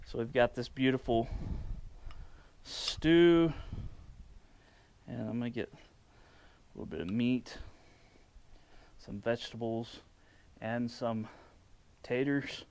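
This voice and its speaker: A man hosting a casual outdoor barbecue cooking vlog, enthusiastic and relaxed, with plenty of fillers. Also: mid-range voice, takes it slowly, long pauses, clear, resonant tone. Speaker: barbecue cooking channel host. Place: outdoors at a smoker.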